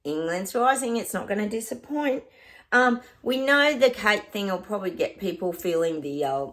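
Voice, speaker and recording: A woman's voice: mid-range voice, normal speed, a bit bright. A woman with an Australian accent, a psychic chatting casually to camera in a rambling way, often stopping to laugh.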